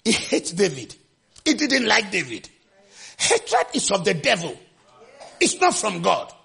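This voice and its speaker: A man preaching a sermon with passion, shouting refrains and acting out the scripture quotes. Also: huge pitch swings, a little slow, vocal fry, slightly rough. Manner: acts out quotes with sudden pitch jumps.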